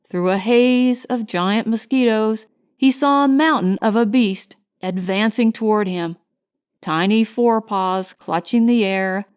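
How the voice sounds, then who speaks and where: A woman narrating a science fiction short story in a steady, measured storytelling manner. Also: medium pitch, clean tone. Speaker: audiobook narrator. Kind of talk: scripted narration.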